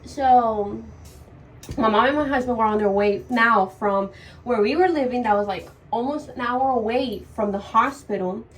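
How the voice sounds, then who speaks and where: A woman's voice: fairly high pitch, normal speed. A young woman telling her birth story in a casual, emotional vlog while doing her makeup, swearing now and then. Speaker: vlogger. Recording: voice a bit far from the mic, faint noise.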